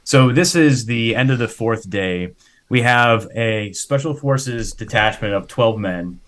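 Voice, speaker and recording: A man's voice: fairly low pitch, a bit bright. A man, a former Special Forces officer, explaining events methodically as a podcast guest. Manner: measured, methodical. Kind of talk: structured explanation.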